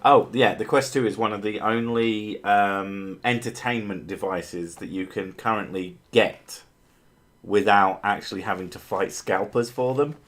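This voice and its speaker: A man with a lowish voice talks loosely through a livestream, replying to chat messages as they come in. He rambles, loses his thread, fills gaps with ums, and swears offhandedly. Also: a little slow, fairly bright tone. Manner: rambling, swears casually, many fillers and restarts. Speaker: streamer answering chat.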